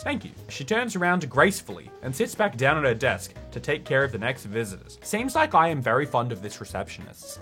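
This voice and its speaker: A man playing through a story game, reading its text aloud and mocking it with sarcastic commentary. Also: mid-range voice. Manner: sarcastic, animated, mocking the script. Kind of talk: let's play commentary.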